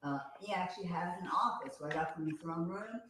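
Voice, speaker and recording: A woman's voice: lowish voice, brisk, a bit bright. Woman, religious live stream, assured declaring tone, phone camera, echoey room. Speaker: preacher claiming visions of heaven. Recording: echoey room with faint noise.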